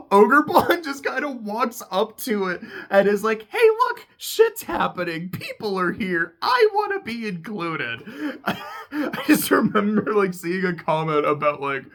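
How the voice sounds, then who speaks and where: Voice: medium pitch, a bit bright. Laid-back, profane game recapper with laughing asides. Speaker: YouTuber.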